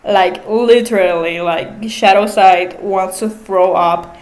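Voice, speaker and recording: A woman's voice: medium pitch, steady tone, slow, a little mellow. A woman casually recapping a book, chatty, laughing often and swearing freely. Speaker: vlogger. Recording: echoey room.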